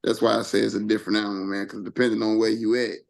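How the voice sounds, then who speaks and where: A man's voice: fairly low pitch, little pitch movement, very fast, creaky. A man from Chicago, a hip hop artist guesting on a podcast, talking laid-back and ending lines with "man". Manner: laid-back, drops "man" at line ends. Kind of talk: casual chat.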